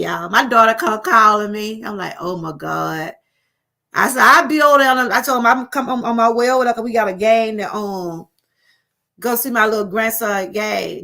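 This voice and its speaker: A woman's voice: a little high, vocal fry, bright, forceful tone. A middle-aged woman with a Southern US accent, chatting on her live stream in a rambling, repetitive way and calling her viewers y'all. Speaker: livestream host. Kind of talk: casual live-stream chat.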